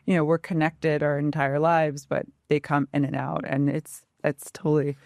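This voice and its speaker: A woman co-hosting a podcast, chatty, with quick reactions in casual chat. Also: low-pitched, level tone, gravelly, darkish tone, dry recording, studio quality. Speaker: podcast co-host.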